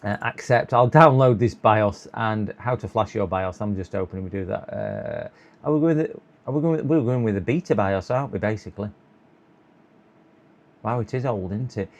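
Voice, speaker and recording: Man, gravelly, sore throat, tired, mutters to himself, live repair stream. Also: lowish voice, lively intonation, normal speed. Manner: muttering to himself, chuckling, hopeful coaxing. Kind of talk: casual live-stream commentary while working.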